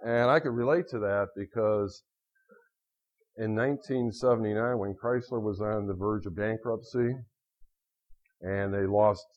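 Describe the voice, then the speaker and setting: A middle-aged man lecturing on finance to a class, telling lively anecdotes and acting out quotes, in a dull lo-fi recording. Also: fairly low pitch, measured pace, pauses often. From United States.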